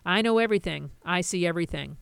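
A woman's voice: on the low side, animated, fast talker, gravelly, clear, resonant tone, no room sound. Woman reading a pompous male creator god. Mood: grandiose. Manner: grand, repeats his titles.

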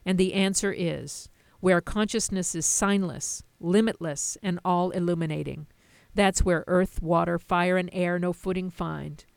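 Low, smooth-voiced woman teaching. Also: steady tone, unhurried, no room sound. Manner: storytelling with plain asides. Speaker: dharma teacher. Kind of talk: explaining a Buddhist sutta.

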